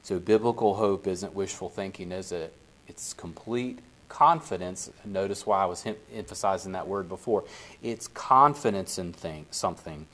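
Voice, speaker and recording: Leading an informal Bible study for a few people, this lowish-voiced man keeps his delivery calm and unhurried. He speaks conversationally and often asks the group if they're following along.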